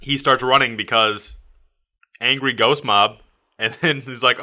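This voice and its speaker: Bright-voiced man recapping casually. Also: medium pitch, fairly even intonation, a little slow. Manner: rambling recap full of "uh" and "like". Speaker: podcast co-host recapping comics. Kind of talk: casual chat.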